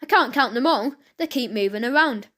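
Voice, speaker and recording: A woman voicing an anxious but quick-witted young boy in a children's storybook, with only light acting. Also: high-pitched, expressive, pushed and bright. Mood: plain.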